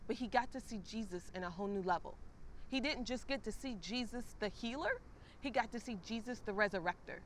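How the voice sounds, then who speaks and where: A woman hosting a faith talk series casually retells a scripture story, speaking straight to her listeners and acting out asides in a conversational way. Her mid-range voice has a fairly bright tone, with a little hiss or hum in the audio.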